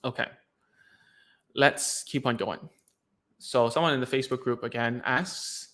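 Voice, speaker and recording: A man's voice: mid-range voice, steady tone, a little slow, long pauses, a bit bright. Chatty man giving loose parenting advice. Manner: loose and chatty, lots of fillers and restarts, says "dude". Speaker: speech therapy coach answering parents' questions. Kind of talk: casual advice video.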